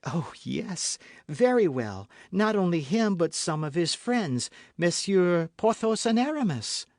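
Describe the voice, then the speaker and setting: Male narrator's young woman novice: high, pleading, timid, dry close audiobook sound. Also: very animated, slow pace, darkish tone, dry recording, full character voice.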